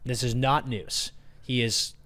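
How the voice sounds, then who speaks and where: A man's voice: mid-range voice, steady tone, slow, pushed and bright. A man co-hosting a hockey podcast, telling a story in a profane, ranting, casual way. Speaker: podcast co-host. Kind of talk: casual chat.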